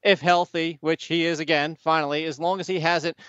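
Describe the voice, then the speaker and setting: Analyst, male, smooth clear voice, slightly high, dry and a little dull on the line. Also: fairly even intonation, fairly quick, fairly bright tone, dry recording. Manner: reasoning, hedging. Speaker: fantasy football analyst. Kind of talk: sports analysis talk.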